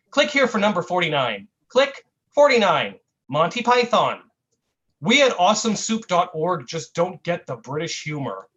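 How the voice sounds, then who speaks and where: A man's voice: sits high, fairly bright tone. Man reading satire over dull video call. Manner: mock-earnest satirical delivery, drawn-out "so boring" asides. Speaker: open mic performer. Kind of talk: comic spoken-word reading.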